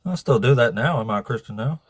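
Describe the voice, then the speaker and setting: A man's voice: mid-range voice, lively intonation, fast talker, husky, no echo. Man, casual debate talk, laid-back, dry sarcasm, close dry mic. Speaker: atheist debate host. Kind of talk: casual live-stream debate.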